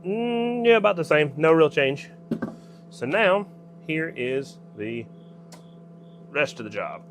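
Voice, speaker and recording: A man's voice: a little high, lively intonation, slow, background noise. A man with a Southern US accent casually talking himself through each step as he works in his workshop. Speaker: workshop maker. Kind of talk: casual narration while working.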